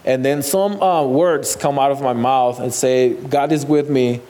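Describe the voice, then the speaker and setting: A man's voice: mid-range voice, steady tone, warm tone. Man telling his testimony. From Mexico. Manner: halting, repeats words, non-native phrasing. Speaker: guest sharing testimony. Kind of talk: personal testimony.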